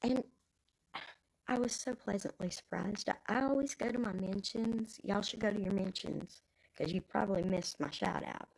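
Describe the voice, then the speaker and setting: A woman's voice: medium pitch, moderate pace, creaky, a little mellow, low-quality recording. A Texan woman in her fifties with grandkids, rambling casually in folksy talk as a live stream host. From Texas.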